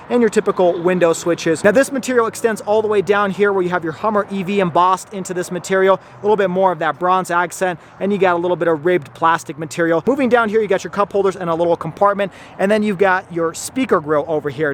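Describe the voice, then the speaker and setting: A man with a fairly high voice walks through a new car's features in an upbeat, explanatory way. He talks briskly, with the practiced ease of a reviewer. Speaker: car reviewer. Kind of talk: product review walkthrough.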